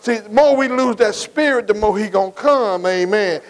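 Middle-aged male preacher, high voice, call-and-response, repeats phrases. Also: normal speed, low-quality recording. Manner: call-and-response, asks the congregation questions; Black church preaching cadence, repeats phrases. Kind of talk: sermon.

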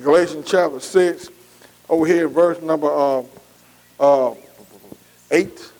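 High-voiced preaching man, call-and-response. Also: fairly even intonation, slow pace, a little mellow, poor audio. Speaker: pastor. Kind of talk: sermon.

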